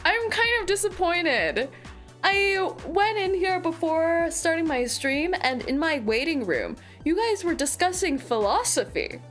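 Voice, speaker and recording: A woman streamer chats with her audience in a high, bouncing voice, stretching out her words at an easy pace. She plays up mock outrage and dramatics, laughing often. Faint music sits underneath her. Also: very animated, a little slow, hardly any pauses. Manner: playful, theatrical, with frequent laughs and mock outrage. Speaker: VTuber streamer. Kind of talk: casual livestream chat.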